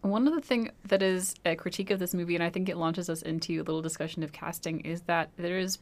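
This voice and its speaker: Low, gravelly-voiced woman podcast co-host. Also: steady tone, quick pace. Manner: thoughtful, analytical, chatty. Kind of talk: casual chat.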